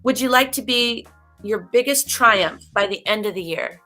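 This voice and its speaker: A woman's voice: fairly high pitch, moderate pace, bright, forceful tone, soft background music. A woman hosting a casual livestream, talking emphatically and a bit preachily, straight to her viewers. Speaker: livestream host.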